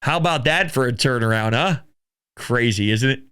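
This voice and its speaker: A man hosting a casual sports talk show, taking calls and rambling excitably. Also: medium pitch, normal speed, clean tone. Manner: excitable, laughing, rambling with restarts. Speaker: sports podcast host.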